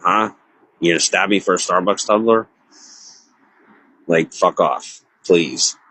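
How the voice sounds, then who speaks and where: A man sits by himself live-streaming, distressed and near crying, his rambling speech full of filler words and self-interruptions. The voice sits low, slow and husky, with a bright, forceful tone. It's a low-quality recording without any echo.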